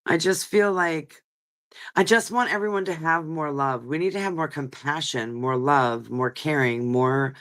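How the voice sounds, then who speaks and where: A woman with a deep, fairly bright voice hosts a casual live chat stream, reading comments in an unhurried, earnest, rambling way. She is emotional, her nose stuffy from crying.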